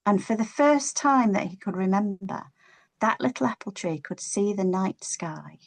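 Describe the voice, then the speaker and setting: Woman telling a kids story, playful and expressive, drags words out. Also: medium pitch, moderate pace. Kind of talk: children's storytelling to an audience.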